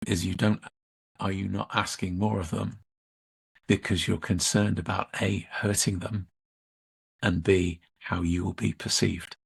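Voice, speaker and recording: A middle-aged man, a leadership coach and interview guest, telling a workshop story in a measured way and acting out the dialogue. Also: deep voice, flat delivery, vocal fry, breathy edge.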